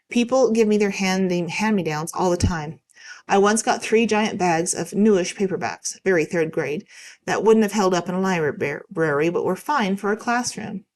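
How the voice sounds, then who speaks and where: A woman reading online stories aloud in a calm, steady way. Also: lowish voice. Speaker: narrator reading online posts.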